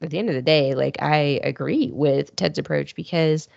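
A woman with a very low, gravelly voice chatting as a podcast co-host. She tells long, meandering stories full of fillers and restarts. The recording is dry and dull. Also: normal speed, darkish tone, no echo. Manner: rambling, filler-heavy storytelling. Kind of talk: casual chat.

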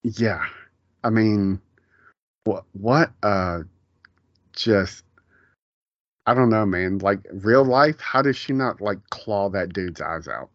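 Low-voiced man in his forties, rambling. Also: takes it slowly, long pauses, no echo, highs cut off. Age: 40s. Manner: rambling, self-interrupting, laughs at his own retellings. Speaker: podcast co-host. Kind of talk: casual chat.

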